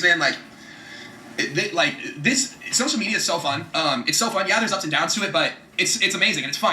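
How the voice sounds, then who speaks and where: A man giving a fast, profane, emphatic motivational talk about setting goals, often repeating himself for emphasis. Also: on the high side, bright, forceful tone, reverberant, a little hiss or hum. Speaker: vlogger giving trading and goal-setting advice.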